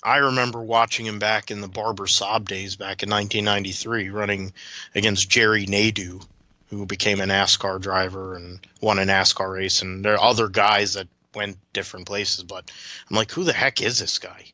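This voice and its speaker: A man's voice: fairly low pitch, little pitch movement, normal speed, bright, forceful tone, no room sound. A man as a podcast guest, rambling through detailed motorsport recollections with frequent restarts in casual chat.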